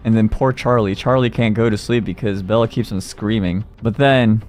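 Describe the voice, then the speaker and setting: A man's voice: fairly low pitch, steady tone, normal speed, a little mellow, faint music behind. A man casually recapping in a rambling, playful way, acting out quotes. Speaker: streamer.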